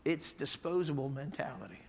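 A man's voice: fairly high pitch, lively intonation, a little fast, creaky, slight background noise. A man preaching a sermon as pastor, in a folksy, emphatic way, reading scripture. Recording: echoey hall.

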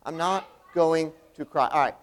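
Comedy straight man, earnest, middle-pitched voice, stammering restarts, patient explaining. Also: normal speed. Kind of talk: stage comedy routine.

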